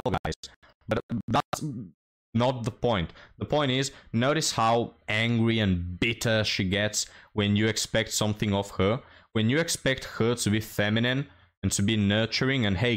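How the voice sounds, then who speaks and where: A man's voice: on the low side, a little slow. A man hosting a reaction commentary, blunt and mocking as he talks to his viewers. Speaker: commentary host.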